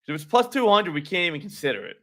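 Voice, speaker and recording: Male stream host, bright voice, casual and salty, banters with the chat. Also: sits high, very animated, very fast. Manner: loose, profane, talks to chat viewers. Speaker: sports betting show host.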